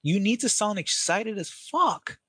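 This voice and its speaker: A man's voice: high-pitched, expressive, measured pace, sharp tone, breathy edge, no echo. A man, guest on an interview, talking energetically and casually about training salespeople, acting out phone calls, with some swearing.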